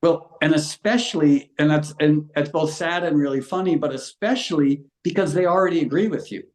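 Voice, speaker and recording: A middle-aged man talks as a podcast guest in an earnest, impassioned way. His voice sits a bit high for a man and carries a roomy echo around it. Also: fairly quick, darkish tone. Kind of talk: conversational interview.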